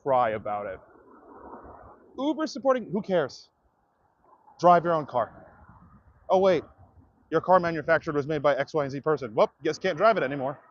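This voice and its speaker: A man's voice: a little high, sing-song, normal speed, pauses often, highs cut off. A man livestreaming outdoors, ranting to his viewers in a profane, direct way. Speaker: comedian livestreamer. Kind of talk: livestream rant to chat.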